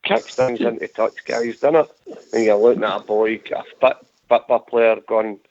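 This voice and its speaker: A man's voice: lowish voice, unhurried, a little mellow, dry recording. A Scottish man hosting a fan radio phone-in, talking in an earnest, rambling way and repeating his phrases. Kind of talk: casual fan radio chat. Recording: dry tinny phone-line audio.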